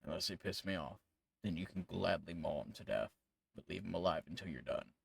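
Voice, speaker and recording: Man game master, casual rambling narration, swears freely, low voice, dry close sound. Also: a little fast, gravelly, husky, dry recording.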